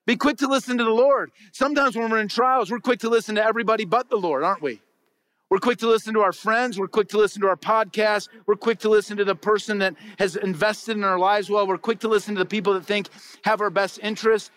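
A man with a notably high voice delivers a sermon from the pulpit. He talks to the congregation in a conversational way, asking them questions and then answering them himself. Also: a little fast, a bit bright. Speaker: pastor. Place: church before a congregation.

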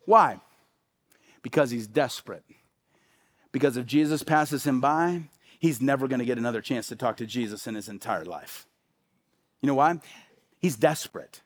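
A male pastor with a high voice preaches a sermon. He talks in a conversational way and keeps asking rhetorical questions. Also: expressive, normal speed, long pauses.

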